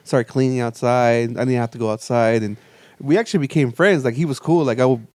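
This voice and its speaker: A man's voice: mid-range voice, brisk, darkish tone, dry recording. A man hosting a podcast, telling a rambling, profanity-filled story in a casual studio chat. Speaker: podcast host.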